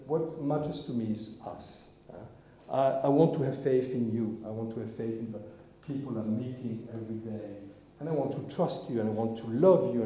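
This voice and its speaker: A man's voice: medium pitch, mellow. A man, a rabbi, giving an informal sermon to his congregation in a synagogue, earnest and searching. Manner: earnest, searching, with frequent restarts. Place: synagogue hall. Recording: echoey hall, long reverb.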